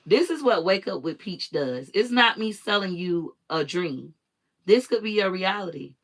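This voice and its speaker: A woman's voice: fairly low pitch, lively intonation, normal speed. A woman hosting her own live stream, telling a personal story in an emphatic, repetitive way with blunt swearing.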